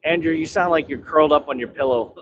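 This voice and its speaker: A man's voice: a little high, fast talker, dull audio. A man driving a truck and chatting casually on a livestream, profane, laughing and telling stories. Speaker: truck driver.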